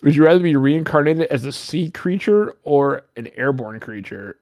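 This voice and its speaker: Higher-voiced man rambling with swear words. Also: normal speed, hardly any pauses, darkish tone, dry recording, studio quality. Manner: rambling, swears a lot, jokey asides. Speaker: podcast host. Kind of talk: casual podcast banter.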